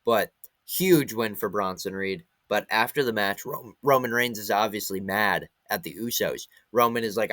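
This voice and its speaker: A young man giving a casual recap of a wrestling event, retelling the action in an excited play-by-play way. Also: lowish voice, moderate pace, no room sound.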